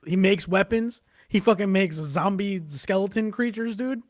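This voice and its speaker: A man co-hosting a podcast, excitable and profane in casual comedic banter. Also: sits high, normal speed, no room sound, clean studio sound. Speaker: podcast co-host.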